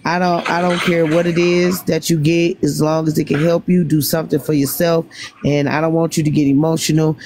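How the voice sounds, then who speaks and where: A woman's voice: deep voice, little pitch movement, a little fast, a little mellow, a little hiss or hum. A woman hosting a livestream, reassuring and encouraging her guest in casual chat. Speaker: livestream host.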